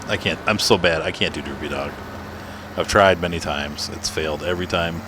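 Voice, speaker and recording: Hosting his gaming channel from a room at home, this man rambles through casual gameplay commentary, chatty and quick to mock himself. His low voice moves fairly quickly into a desk microphone, with noise in the background.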